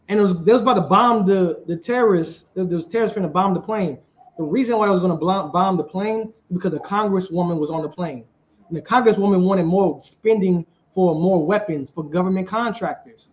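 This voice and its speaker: Animated high-voiced street preacher, a man. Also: lo-fi sound. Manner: animated, questioning the crowd.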